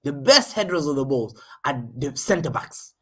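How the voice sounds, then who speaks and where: A man hosting a live football watchalong, calling the play and chatting, excitable and slangy, repeating himself as the action unfolds. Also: on the high side, measured pace, husky. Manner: excitable, slangy, repeats phrases, jumps between play-by-play and chat. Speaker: fan host of a live match watchalong.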